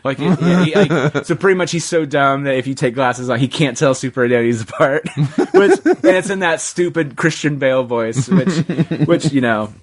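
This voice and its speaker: A man hosting a relaxed podcast conversation. He tells stories with energy and acts out the voices of the people he quotes. His voice sits at an ordinary middle pitch. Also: moderate pace. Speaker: podcast host. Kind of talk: casual chat.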